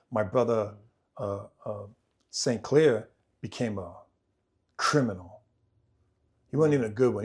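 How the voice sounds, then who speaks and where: A man telling his own life story on a podcast, swinging between loud, animated moments and quiet, low passages, often repeating himself as he goes. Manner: vivid, repetitive retelling that acts out family members' voices. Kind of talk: personal storytelling in conversation.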